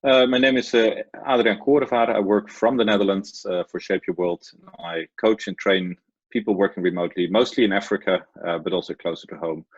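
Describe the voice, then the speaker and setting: Husky deep-voiced man on a dry call. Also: a little fast, dry recording. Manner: hesitant, searching for words. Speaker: remote-work coach, panelist. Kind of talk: webinar panel talk. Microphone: video call. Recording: dull dry lo-fi call audio.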